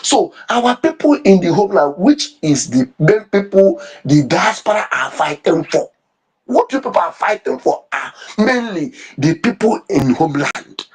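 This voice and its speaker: A man's voice: high-pitched, very animated, moderate pace, husky. A man giving impassioned, fervent commentary, repeating himself and restarting his sentences. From Nigeria. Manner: fervent, repetitive, stumbling restarts. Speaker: online commentator.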